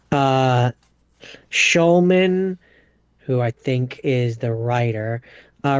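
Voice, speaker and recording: Dude on a podcast reading stuff out, lots of ums, kinda dull dry sound. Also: male voice, mid-range voice, clean tone, no room sound. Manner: relaxed, reads out facts with fillers. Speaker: podcast co-host. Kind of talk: casual chat.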